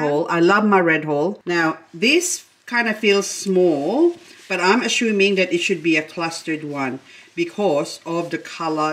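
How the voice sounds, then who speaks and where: A woman's voice: medium pitch, a bit bright. Gushing woman unboxing plants. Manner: gushing, exclamatory, laughs often. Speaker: gardening channel host. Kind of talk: excited unboxing vlog.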